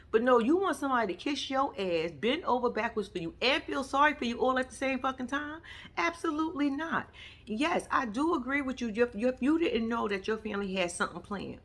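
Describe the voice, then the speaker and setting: A woman's voice: high voice, animated, brisk, fairly bright tone. A woman giving a casual commentary recap of a reality TV episode, blunt and profane, acting out the people she quotes.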